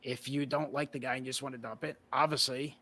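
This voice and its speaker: Bright-voiced male guest, rambling casually. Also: medium pitch, quick pace, slight background noise. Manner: relaxed, rambling, many fillers like "you know". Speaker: guest, card collector. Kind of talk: casual conversation.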